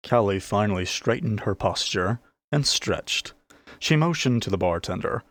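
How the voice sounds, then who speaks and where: Guy reading a fantasy story, low voice, bouncy delivery, dry mic. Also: normal speed, no room sound. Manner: expressive storytelling. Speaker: narrator. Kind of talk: audiobook narration.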